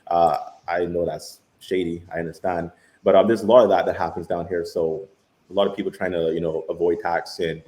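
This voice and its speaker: A man's voice: deep voice, flat delivery, fairly quick, warm tone. A man speaking as a panelist in a casual live-stream discussion, laid-back and hesitant, with many fillers. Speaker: round table panelist.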